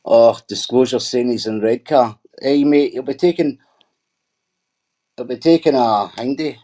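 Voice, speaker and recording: A middle-aged man chats casually on his livestream, reading viewer comments aloud. He answers them with sweary, teasing banter. His voice sits at an ordinary pitch. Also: unhurried, dark tone.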